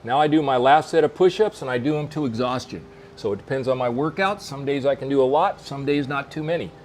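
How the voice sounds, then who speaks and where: Casting note: older man in his sixties, plain-spoken coach talking through exercises as he demonstrates them, mid-pitched voice. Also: quick pace, darkish tone, slight background noise. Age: 60s. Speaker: fitness instructor for fly fishers. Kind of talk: casual instructional demo. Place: outdoor covered veranda in a park.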